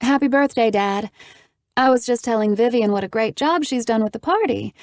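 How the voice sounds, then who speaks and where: A woman reading an audiobook voices a lively, teasing young woman who talks in a bright, animated, playfully bossy way. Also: medium pitch, brisk, dry recording, pitched above the performer's own voice, lightly acted. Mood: bubbly.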